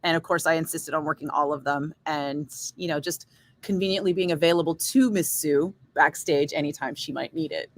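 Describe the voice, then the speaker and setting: A woman radio DJ chatting casually with viewers, telling a story in a lively, swearing style and acting out the other people's lines. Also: low-pitched, moderate pace, no echo. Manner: chatty storyteller, swears freely, acts out voices. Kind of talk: casual chat.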